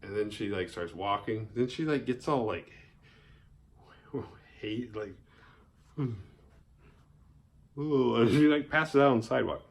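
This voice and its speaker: A man's voice: brisk, vocal fry, hardly any pauses. Male host recapping a horror movie, loose and profane, jumps into silly character voices. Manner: animated, profane, acts out characters' lines in high voices. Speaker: horror film reviewer. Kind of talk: casual film recap.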